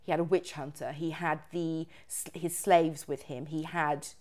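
This host's voice is low and somewhat dark, with a level tone and moderate pace, and she tells a ghost story on her podcast in a loose, chatty style full of fillers.

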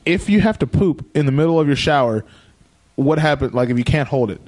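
A man's voice: on the high side, lively intonation, brisk, a little mellow. Joking man hosting a podcast. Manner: joking storyteller, laughs often. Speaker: podcast host. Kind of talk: casual chat.

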